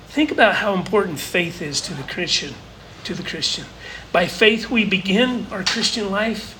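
Bright-voiced, high-pitched male preacher. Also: moderate pace, a little hiss or hum, low-quality recording. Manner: earnest, builds to emphatic repetition. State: briefly choked up. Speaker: pastor. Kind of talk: sermon.

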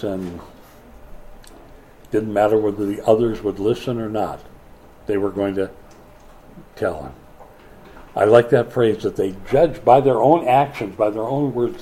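A man's voice: medium pitch, a little hiss or hum. A middle-aged man preaching a sermon, telling stories and acting out the voices of other people. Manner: animated storyteller who acts out other voices. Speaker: pastor.

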